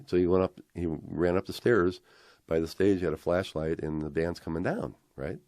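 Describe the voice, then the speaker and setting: An older man with a very deep voice is interviewed and tells a long, rambling story. He acts out every exchange along the way, keeping the telling excited. The sound is close and dry, with almost no room in it. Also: moderate pace, no echo. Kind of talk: animated anecdote retelling.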